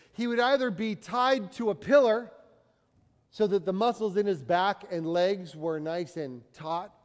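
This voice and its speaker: A man preaching a sermon, dramatic, rising for emphasis and dropping low and quiet. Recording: long hall reverb.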